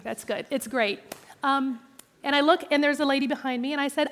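Woman pastor, lively self-deprecating sermon delivery, reverberant hall sound. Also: high voice, brisk. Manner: personal and animated, with self-deprecating humor.

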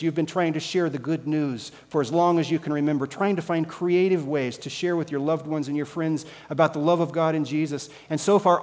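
A male pastor preaching a sermon with slow, emphatic rhetorical questions. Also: on the high side, a little mellow. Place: church sanctuary. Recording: long reverb with mains hum.

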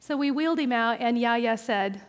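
A woman's voice: a little high, normal speed. Woman pastor preaching in a reverberant hall. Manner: personal and animated, with self-deprecating humor. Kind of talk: sermon.

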